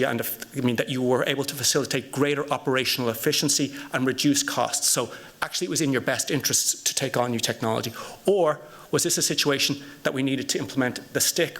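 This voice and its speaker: A man's voice: medium pitch, fairly bright tone. A man on a conference panel, telling an anecdote and posing rhetorical questions to the audience. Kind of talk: panel discussion storytelling.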